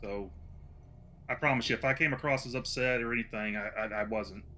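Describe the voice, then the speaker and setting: Brief: Texan male player, booming forceful voice, stammers a lot. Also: a little fast, slight background noise. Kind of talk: casual chat.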